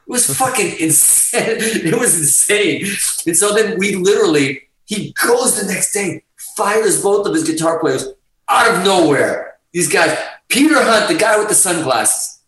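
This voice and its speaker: A middle-aged man from Portugal, a guest musician telling a story on a podcast in a lively, profane way, acting out the quotes. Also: sits high, far from the mic. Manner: animated, profane, acts out quotes. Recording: echoey room, off-mic.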